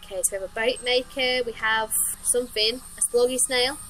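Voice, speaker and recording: A woman's voice: a little high, steady tone, brisk, hardly any pauses, a bit bright, soft background music, poor audio. A woman giving chatty, giggly commentary while playing a game. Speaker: let's play host. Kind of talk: casual gameplay commentary.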